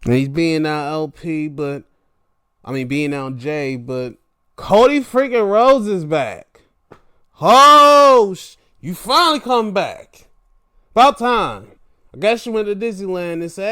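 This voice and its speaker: A man hosting a casual solo show, reviewing wrestling events in animated, profane, exasperated rants. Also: high-pitched, slow pace, clear, resonant tone, no echo, clean studio sound.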